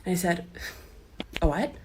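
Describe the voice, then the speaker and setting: A woman's voice: on the low side, sing-song, moderate pace, noisy background. A woman telling an amused personal story to camera, quoting her roommate.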